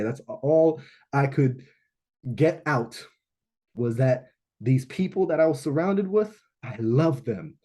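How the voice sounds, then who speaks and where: A man with a warm, mellow voice tells a personal story to a live audience at a launch event. He is animated and often checks in with "right?". He drops into hushed reflection and then rises into excited emphasis. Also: mid-range voice, slow pace. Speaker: speaker at a business launch event.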